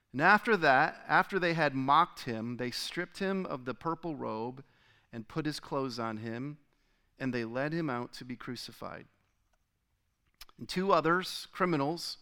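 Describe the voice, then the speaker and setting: Resonant-voiced preacher reading scripture dramatically. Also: male voice, medium pitch, smooth. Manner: dramatic reading with sharp rises and drops in loudness. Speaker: pastor.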